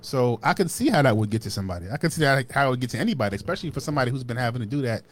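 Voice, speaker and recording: A man co-hosting a casual podcast who talks fast in a slangy, profane style. His pitch sits in the middle range. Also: animated. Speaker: podcast co-host. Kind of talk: casual chat.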